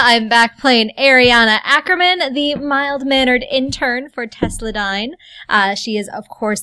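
A woman's voice: on the high side, sharp tone. Woman player, casual, giggly, restarts lines a lot. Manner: chatty and laughing, with hesitant restarts. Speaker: tabletop role-play player. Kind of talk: casual in-character introduction.

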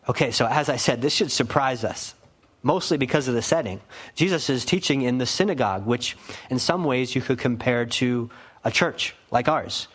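A man's voice: mid-range voice, moderate pace, a bit bright, husky. Man, pastor, expository sermon, earnest, emphatic, rhetorical questions, church.

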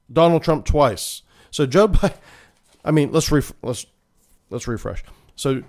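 Man, podcast host, political commentary, reads news aloud, sarcastic asides, mid-pitched voice. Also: darkish tone. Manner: sarcastic, mock-emotional asides. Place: Florida.

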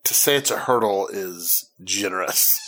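A man's voice: sits low, lively intonation, unhurried, fairly bright tone. Man hedging opinions in casual chat. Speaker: podcast co-host. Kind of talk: casual film discussion.

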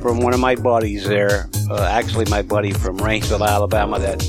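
A man's voice: on the low side, little pitch movement. Guy reading out event listings, lots of "you know", music in the background. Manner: halting, filler-heavy, lots of "you know". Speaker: podcast co-host.

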